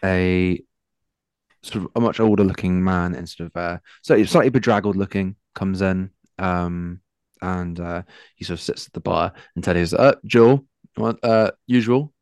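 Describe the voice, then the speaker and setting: A man's voice: deep voice, level tone, moderate pace, a little mellow, clear, resonant tone, dry recording. A man narrating as game master, hesitant with many fillers.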